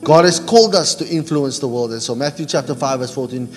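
A middle-aged man, a pastor preaching a sermon and getting the congregation to finish Bible verses out loud. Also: mid-range voice, fast. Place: church hall. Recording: church hall reverb with music.

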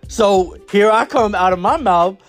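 A man's voice: high-pitched, unhurried, soft background music. A father casually telling a story about his daughter, rambling with many fillers and restarts.

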